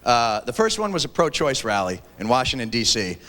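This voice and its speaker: A man performing a stand-up comedy set, animated and shouting his punchlines. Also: mid-range voice, brisk, heavy background noise. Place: large theater stage with audience. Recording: 1990s VHS TV broadcast, hall reverb, laughing crowd. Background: audience laughter.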